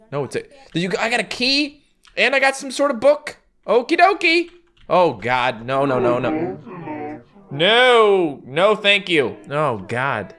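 Excitable gamer man with lively pitch. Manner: excitable, jokey, laughs often. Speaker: gaming YouTuber. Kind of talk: let's-play commentary.

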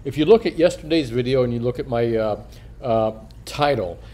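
A man's voice: mid-range voice, normal speed, warm tone. An older man, a coin shop owner, talking casually on a video in a rambling, profane way, chuckling and slurring a little through a missing front tooth.

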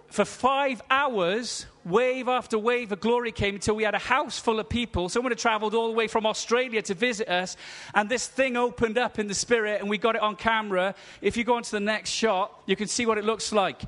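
A man's voice: high voice, long reverb tail. A man giving an enthusiastic sermon-style teaching, laughing as he talks through pictures. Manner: animated, enthusiastic storytelling with laughter. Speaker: teacher at a ministry school.

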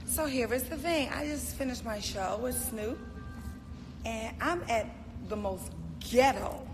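A celebrity from Baltimore, USA, livestreams an angry rant from a hotel, speaking indignantly and emotionally into her phone and repeating herself. Her voice is a little high and unhurried, with music in the background, and the room is echoey with faint noise.

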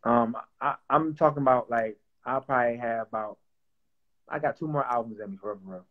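A man's voice: medium pitch, brisk, narrow, tinny audio. A young man who writes and produces songs, chatting casually in an interview, playful and loose with lots of fillers and repeats. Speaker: songwriter and producer.

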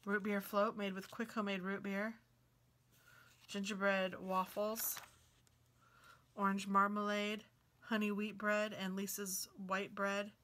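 A woman flips through a cookbook, reading out recipe names in a casual, chatty way and reacting with delighted exclamations. Her voice is bright and forward, at a middle pitch for a woman. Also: little pitch movement, takes it slowly, long pauses. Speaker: craft and book video host.

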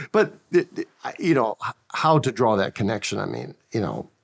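A man's voice: medium pitch, huge pitch swings, moderate pace, creaky. Earnest preaching man telling stories. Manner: earnest storyteller, frequent restarts. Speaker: pastor and interview guest. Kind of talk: preaching-style interview answer.

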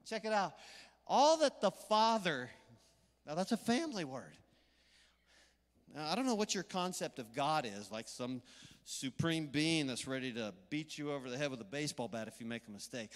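A middle-aged man with a Southern US accent preaching a sermon in a church, energetic and conversational with playful asides. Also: a little high, normal speed. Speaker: pastor. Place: church sanctuary. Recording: live church hall reverb.

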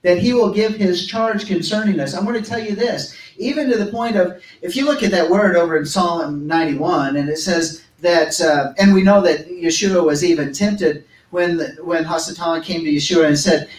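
High-voiced preacher in an echoey hall. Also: male voice, moderate pace. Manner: reads scripture aloud with emphatic asides. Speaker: pastor. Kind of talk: sermon. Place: church service hall. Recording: echoey room, voice from a distance.

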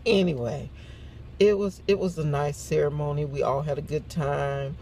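Older woman vlogger, gravelly voice with faint car hum behind; chatty, acts out quotes, laughs a lot. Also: low-pitched, moderate pace, a little mellow. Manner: laughs often. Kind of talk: casual morning chat.

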